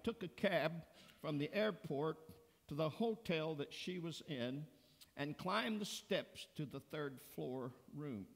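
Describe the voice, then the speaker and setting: A man preaching a sermon as pastor, telling a story slowly and deliberately. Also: fairly high pitch, vocal fry. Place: church sanctuary. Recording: long church reverb.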